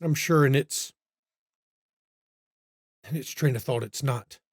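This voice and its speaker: A man voicing a short, pudgy, balding demon with a heavy German accent, speaking tersely and quietly in cryptic phrases. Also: medium pitch, slow pace, husky, no room sound, studio quality, voice pushed down. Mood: cool.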